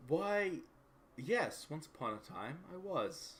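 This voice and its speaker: A man voicing a poised former bar owner, a woman with a guarded, wry, quietly predatory manner in a tabletop role-play. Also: on the high side, sing-song, slow pace, voice pushed up. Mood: cool.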